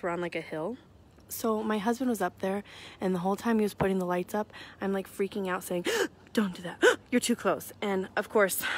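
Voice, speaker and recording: Brief: young woman, phone live stream outdoors, chatty and giggly, mid-pitched, faint outdoor hiss behind. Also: vocal fry. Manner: chatty, giggly, self-deprecating. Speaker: livestream host announcing charity winners. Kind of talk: casual live-stream chat. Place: outdoors near her house at night, walking around. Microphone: phone held at arm's length.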